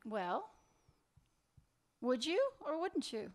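A man's voice: very high-pitched, sing-song, drawn-out words, exaggerated voice. A man reading fiction aloud, voicing a weary, sarcastic woman who keeps brushing off her lover in a dry, teasing way. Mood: wry.

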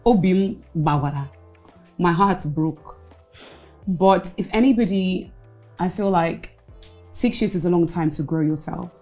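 A woman's voice: on the low side, unhurried, pauses often, a little mellow, faint music behind, low-quality recording. A woman, a former reality show contestant, talking frankly in a casual interview and slipping Igbo phrases into her English.

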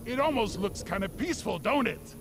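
An actor voicing a gruff, rowdy male dwarf miner in a video game, with gravelly shouted battle cries. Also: high-pitched, lively intonation, a little fast, noisy background. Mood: grumbling. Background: game music.

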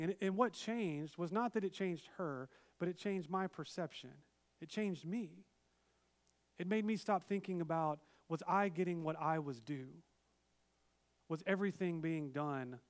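A male pastor delivers a sermon at a church service in an easy, conversational way, mixing scripture with personal stories and little asides. His voice sits a bit higher than most men's. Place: church sanctuary, virtual service.

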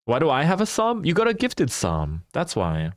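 A man's voice: a little high, wildly swooping pitch, normal speed, no echo, clean studio sound. A young man live-streaming a game, chatting casually and animatedly with his viewers and laughing often.

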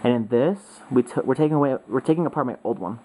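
A young woman vlogging with friends, excitable and swearing a lot. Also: rumbling low, fast talker, slight background noise, low-quality recording. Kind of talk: casual vlog chat. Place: indoors with friends.

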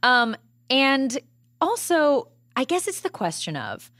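A woman guest chatting casually on a podcast, wry and quick with a quip, into a studio mic. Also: sits high, very animated, fairly bright tone, dry recording. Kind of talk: casual chat.

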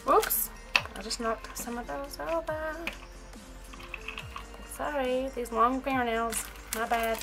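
A woman chatting casually in a haul vlog, gushing and excitable and repeating her exclamations. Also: high-pitched, slow, pauses often, loud music behind the voice. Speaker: nail art vlogger.

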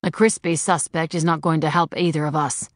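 A woman's voice: low voice, fairly even intonation, a little fast, no room sound, close to an everyday voice. A woman voicing a curt, practical male partner who talks in a dry, matter-of-fact way in an audiobook. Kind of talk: audiobook character voice.

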